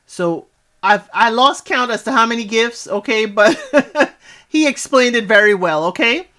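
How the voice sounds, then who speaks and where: A woman's voice: a little high, animated, measured pace, fairly bright tone. A woman giving a casual spoken recap of a reality show, chatty and sassy, talking back to the people on screen with lots of asides.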